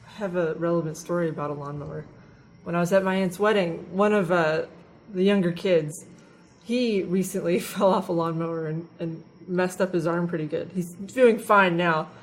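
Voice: mid-range voice, fairly even intonation, moderate pace, low-quality recording. A co-host from the United States in a casual news chat, telling stories with an easy giggle. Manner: chatty storyteller, giggly. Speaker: podcast co-host.

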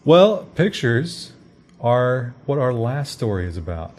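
A man's voice: mid-range voice, very animated, takes it slowly, a little mellow, a little hiss or hum. An American man co-hosting a casual news chat, talking with wry joking asides. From United States. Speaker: podcast co-host.

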